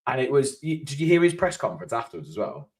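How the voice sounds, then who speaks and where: A man co-hosting a football fan chat, telling stories in an animated way. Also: mid-range voice, quick pace. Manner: animated storytelling, restarts, laughs often. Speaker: football fan channel co-host. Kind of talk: casual chat.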